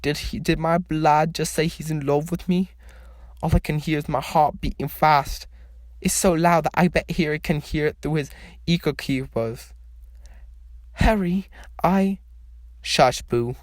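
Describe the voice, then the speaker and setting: A man reading fan fiction aloud as a storyteller, in a slow, measured way. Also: a little high, steady tone, dry recording, studio quality.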